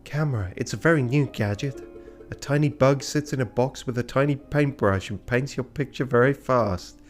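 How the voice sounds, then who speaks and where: Man voicing a young female cat, naive, prim, sing-song, slightly raised pitch. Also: moderate pace, faint music behind, lightly acted. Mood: sweet.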